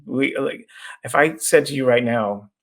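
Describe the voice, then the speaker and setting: A middle-aged man, an executive coach guesting on a podcast, explaining his ideas through lively stories and acted-out voices. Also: medium pitch, a little slow. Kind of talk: conversational storytelling.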